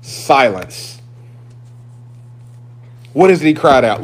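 A male pastor delivers a sermon to his congregation. His preaching is emphatic, swinging from loud, driving declarations down to hushed, confiding asides. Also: medium pitch, lively intonation, moderate pace.

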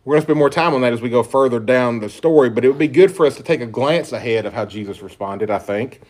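A pastor preaching an earnest sermon, reading scripture aloud with emphatic stresses. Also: male voice, mid-range voice, fast, darkish tone.

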